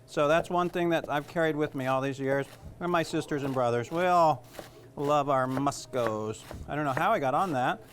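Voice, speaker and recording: A man's voice: fairly high pitch, moderate pace, fairly bright tone, a little hiss or hum. A middle-aged man with a Southern US accent, a chef giving a casual cooking demonstration, chatty and rambling with jokes at his own expense. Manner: chatty, rambling, self-joking.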